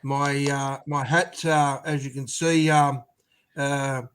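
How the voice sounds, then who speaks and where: A man on a sports podcast panel, speaking hesitantly with many pauses and ums. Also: medium pitch, flat delivery, fairly bright tone, clean tone. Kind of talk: casual sports banter.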